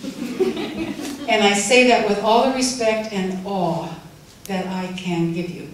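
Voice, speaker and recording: An older woman gives a heartfelt farewell speech with gentle humor. She sounds far from the mic, in a very echoey hall with faint noise behind her. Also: medium pitch, slow. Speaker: farewell speaker. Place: event room.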